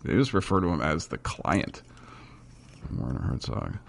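A man's voice: low voice, expressive, measured pace, creaky. A man chatting casually and enthusiastically with a friend, rambling a little as he talks. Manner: enthusiastic, rambling fan talk. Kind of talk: casual chat.

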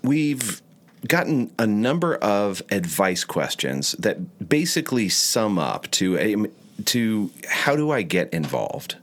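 A low-voiced man co-hosting a podcast. His pitch rises and falls a lot as he talks, and he stops to rephrase his thoughts as he goes. The tone is relaxed and conversational. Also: slow. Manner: thoughtful, with searching restarts. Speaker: podcast co-host. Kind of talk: casual podcast chat.

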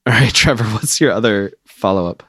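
A man with a very deep voice co-hosting a casual podcast. He is easygoing and jokey and often stumbles over his words. The sound is dry and close. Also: lively intonation, brisk, a bit bright, slightly rough, dry recording. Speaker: podcast co-host. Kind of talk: casual chat.

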